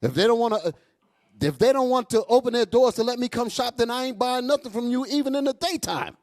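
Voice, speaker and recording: Animated preaching man, wildly swinging voice. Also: quick pace. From United States. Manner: loud, animated, swings high and low, profane, asks crowd "y'all all right?". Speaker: bishop preaching to a congregation. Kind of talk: fiery street-preaching sermon.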